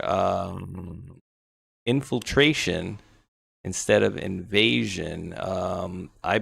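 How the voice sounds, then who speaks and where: A man's voice: sits low, vocal fry, husky, no echo. A man co-hosting a talk show, chatting loosely and rambling with sarcastic asides. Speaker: podcast co-host. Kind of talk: casual political chat.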